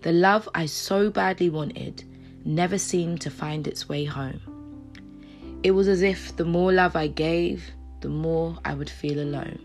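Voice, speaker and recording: A woman's voice: deep voice, a little slow. A woman giving an uplifting talk and reading her own poem, repeating phrases and dropping to a whisper at times. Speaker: motivational speaker. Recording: soft guitar music behind.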